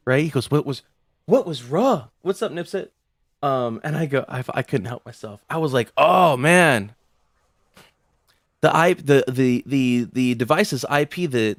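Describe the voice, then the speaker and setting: A man's voice: medium pitch, no room sound. Male streamer, casual rambling chat, swears freely, dry close sound. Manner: rambling, profane, laughs often, many restarts. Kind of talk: casual chat while gaming.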